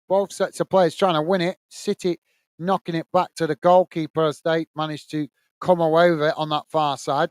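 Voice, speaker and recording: With a clear, resonant tone and no room sound, a man from the UK commentates a live football match for his watch-along viewers. He calls the action steadily, chats between moves, and lifts his pitch when saying hello to people.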